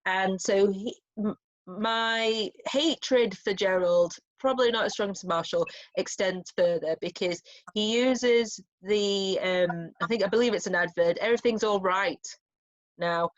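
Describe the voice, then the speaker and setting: A woman's voice: mid-range voice, a little slow. A woman English teacher talking through a play in an informal revision chat, thoughtful and chatty. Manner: thoughtful, chatty, with restarts and small laughs. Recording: lo-fi muffled recording.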